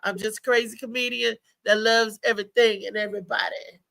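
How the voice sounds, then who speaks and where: A woman's voice: on the high side, flat delivery, brisk, creaky, over a noisy crowd. A middle-aged woman comedian, rambling and laughing loosely through her stories in casual talk-show banter. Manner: loud, laughing, rambling storyteller with restarts.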